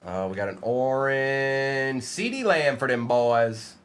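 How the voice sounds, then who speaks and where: A man's voice: medium pitch, lively intonation, slow pace, fairly bright tone, clear, resonant tone. A man hosting a live-streamed trading card break, reading out player names and bantering with the chat in a playful way.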